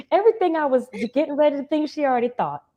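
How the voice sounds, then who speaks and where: A woman from Miami co-hosting a casual talk show, chatty and animated as she tells a story. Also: sits high, fairly quick, lo-fi sound.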